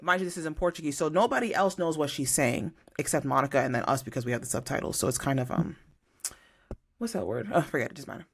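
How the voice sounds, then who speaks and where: Animated woman telling reality tv gossip. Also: deep voice, fast, creaky, slightly rough. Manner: animated storyteller, acts out quotes. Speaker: podcast co-host. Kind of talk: casual chat recapping reality TV.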